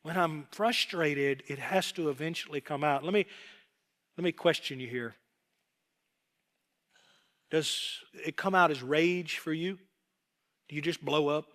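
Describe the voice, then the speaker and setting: A middle-aged man preaching a sermon as pastor, animated, acting out voices and quotes as he goes. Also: fairly high pitch, normal speed, pauses often. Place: worship hall.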